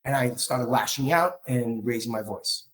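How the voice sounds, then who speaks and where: Man talking candidly, halting and frank. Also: mid-range voice, fairly bright tone, poor audio. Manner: candid, halting, with frequent restarts. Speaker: speaker on marriage. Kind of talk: personal talk.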